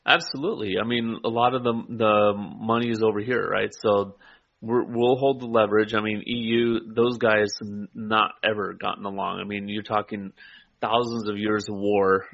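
A man in a casual political chat, talking in a measured, hedging way. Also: lowish voice, steady tone, gravelly. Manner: measured, hedging, frequent "I mean" and "right?". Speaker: co-host. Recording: dull lo-fi audio.

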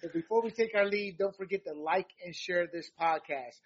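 High-voiced, husky male podcast host. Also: a little fast, dull audio. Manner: energetic, playful sign-off patter. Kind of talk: political podcast chat. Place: home room with figurines behind.

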